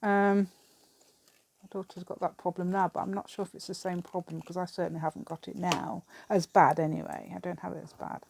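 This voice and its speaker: A woman's voice: on the low side, flat delivery, a little fast, creaky, background noise. Chatty English woman, middle-aged. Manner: rambling, chatty, laughs often. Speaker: craft vlogger. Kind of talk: casual chat while crafting.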